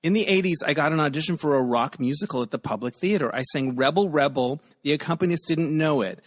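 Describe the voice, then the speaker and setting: A man hosting a podcast game over a video call, upbeat and quick with puns, laughing often. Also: fairly high pitch. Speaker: podcast host.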